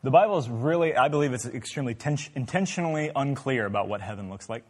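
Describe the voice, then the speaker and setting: A man's voice: mid-range voice, expressive, fast talker, a little mellow, breathy edge, big-room sound. A man leading an interactive Bible class, asking the group many questions in a conversational way. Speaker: Bible study teacher.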